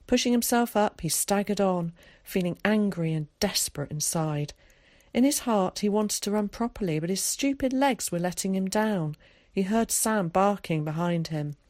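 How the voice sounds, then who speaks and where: A woman narrating an audiobook chapter in a measured, expressive storytelling voice. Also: medium pitch, no echo. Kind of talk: scripted narration.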